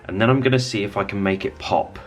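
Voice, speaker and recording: A man giving a relaxed, rambling hobby painting tutorial, thinking aloud as he works. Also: on the low side, fast, faint music behind.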